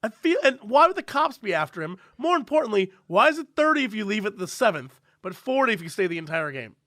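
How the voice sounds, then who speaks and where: A man co-hosting a podcast in casual chat, teasing with deadpan jokes. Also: sits high, fast talker, dry recording, clean studio sound. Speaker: podcast co-host.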